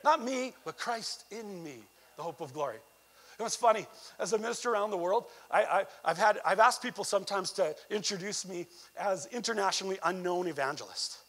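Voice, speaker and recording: Canadian male evangelist, high-pitched, preaching with conversational asides and emphatic near-shouted peaks. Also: expressive, fairly quick. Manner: conversational asides with frequent "you know". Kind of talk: sermon.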